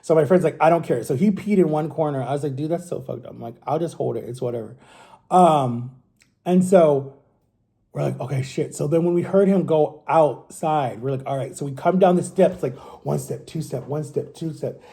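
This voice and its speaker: A man's voice: a little high, a little fast, creaky, mellow. A man in his thirties telling a story in a loose, rambling way, swearing often and asking "right?" again and again. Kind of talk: casual storytime.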